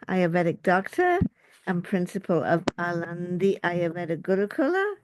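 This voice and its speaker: Slow-spoken English woman giving a health talk. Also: lowish voice, a little mellow, no echo. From United Kingdom. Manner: chatty, jokey asides, slow and deliberate. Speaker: Ayurvedic doctor and school principal. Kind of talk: informal health talk to camera.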